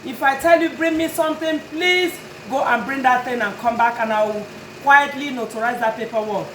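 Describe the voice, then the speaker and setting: Speaking at normal speed in a slightly high, somewhat bright voice, a notary and tag and title business owner addresses her customers straight to camera. She sounds earnest and pleading yet firm. The audio is poor, with room echo and a faint hiss or hum.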